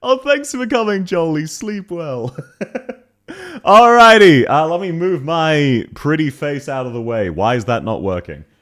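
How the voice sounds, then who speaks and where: A man casually chatting on a live stream, greeting viewers by name and laughing often, his voice still a little rough at the start. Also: a little high, big pitch swings, unhurried, fairly bright tone.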